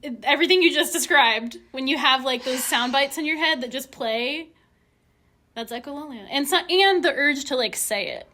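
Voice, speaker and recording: Bright, chatty woman hosting a podcast. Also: high voice. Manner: chatty and quick, with lots of "like". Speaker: podcast host. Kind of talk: casual conversation.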